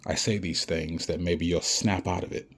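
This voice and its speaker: A man's voice: sits low, steady tone, moderate pace. A man giving a blunt, profane ranting monologue, lecturing the listener and repeating himself for emphasis. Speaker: vlogger.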